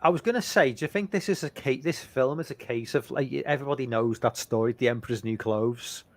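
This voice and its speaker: A podcast host rambles through a casual chat, full of fillers and restarts. His voice is mid-range and fairly quick, with no room sound.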